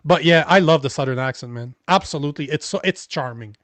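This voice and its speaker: A man's voice: on the high side, quick pace, hardly any pauses, fairly bright tone, no echo. A man with a French accent co-hosting a political talk show, blunt and swearing freely as he reads viewer comments. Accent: French Canadian. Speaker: podcast co-host. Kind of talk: casual political chat.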